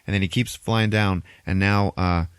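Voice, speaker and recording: Low-voiced man recapping a movie with lots of swearing. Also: normal speed, smooth, no echo. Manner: animated, swearing, laughing often. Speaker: podcast host. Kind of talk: casual profane movie recap.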